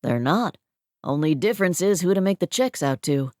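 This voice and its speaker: A woman's voice: lowish voice, expressive, moderate pace, darkish tone, dry recording, close to an everyday voice. A woman voicing a cocky rich man. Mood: teasing. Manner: dry, needling banter. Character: wealthy, teasing, self-assured man. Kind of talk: audiobook character voice.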